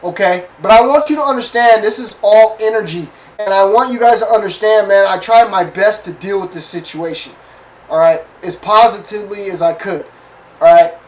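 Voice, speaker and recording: Profane man telling an animated story. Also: sits high, moderate pace, distant mic, poor audio. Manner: animated, profane, repeats phrases and asks the listeners for agreement. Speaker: podcast host. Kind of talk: casual storytelling rant.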